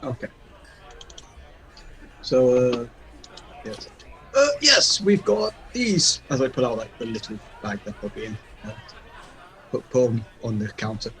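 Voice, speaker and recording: A man playing in a tabletop game, speaking in a slow, hesitant and playful way. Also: medium pitch, expressive, fairly bright tone, a faint crowd. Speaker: player. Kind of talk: casual tabletop play.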